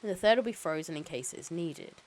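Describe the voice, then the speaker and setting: A woman reading the lines of a calm, careful male hospital doctor who explains things in a measured way. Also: on the low side, low-quality recording. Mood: calm explaining.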